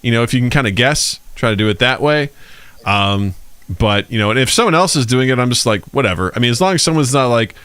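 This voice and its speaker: A man's voice: medium pitch, expressive, quick pace, fairly bright tone, clear, resonant tone, no echo. A man co-hosting a podcast, rambling through loose, joking advice in casual chat. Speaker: podcast co-host. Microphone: podcast mic.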